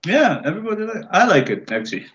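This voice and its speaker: Guest artist guy on a call, pitch jumps around, dull muffled audio. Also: sing-song, quick pace, fairly bright tone. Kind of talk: casual call-in chat.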